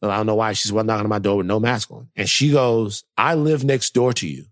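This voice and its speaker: A man with a low-leaning voice and a brisk delivery co-hosts a podcast, heard in a studio-quality recording without echo. Chatting casually, he tells a lively story and acts out what each person said.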